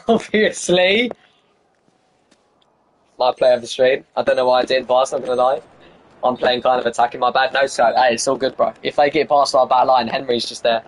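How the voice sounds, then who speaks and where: Streaming a football video game live, a young man with a mid-range voice jokes around with his teammates on voice chat and yells at what happens in the plays.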